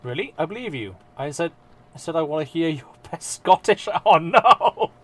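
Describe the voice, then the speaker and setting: A man's voice: fairly high pitch, expressive, brisk, a little mellow. A man streaming live, chatting casually and self-mockingly with his viewers and swearing freely as he works.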